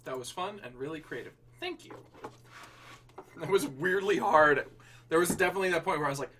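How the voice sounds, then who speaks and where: A man hosting a relaxed livestream, loose and joking and swearing as he talks. His voice is bright and forceful, at a middle pitch. He sounds a bit far from the mic, with faint noise behind him. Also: a little fast, long pauses. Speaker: livestream host and writer. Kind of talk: casual livestream chat.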